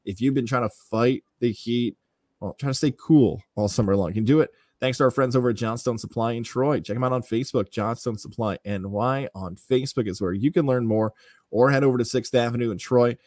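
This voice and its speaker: A man's voice: mid-range voice, brisk, a little mellow, dry recording. This is a man with a mid-range voice and a confident, punchy delivery. He breaks down the team and reads ads on sports radio. The studio sound is dry and close.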